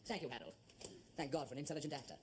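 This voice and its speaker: An actor playing a fussy amateur theatre director who gushes and stammers. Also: male voice, a little high, very fast, natural voice. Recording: noisy old TV soundtrack.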